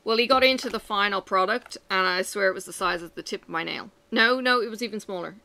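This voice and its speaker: A woman chatting to her camera, animated and self-mocking as she tells stories at home. Her voice has a bright, forward tone with a gravelly fry at the ends of phrases. She jumps between asides and punchlines. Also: medium pitch, fast. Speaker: vlogger. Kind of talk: casual chat to camera.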